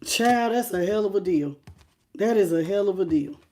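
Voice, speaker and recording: Animated woman doing a tarot reading. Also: mid-range voice, moderate pace, a little hiss or hum. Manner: animated, talks straight to the viewer and greets chat by name; repeats phrases for emphasis. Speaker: tarot reader.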